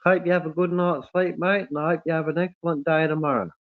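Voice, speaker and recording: Aussie guy hosting a livestream, sounds tinny like a phone, kinda high voice, keeps saying mate and brother. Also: steady tone, fast. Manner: warm, effusive, calls everyone mate and brother. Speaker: livestream host. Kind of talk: casual livestream chat reading comments.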